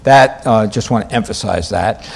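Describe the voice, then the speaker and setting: A man preaching a sermon, stressing key phrases and repeating them, moving between loud, raised lines and quiet, low ones. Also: moderate pace, gravelly.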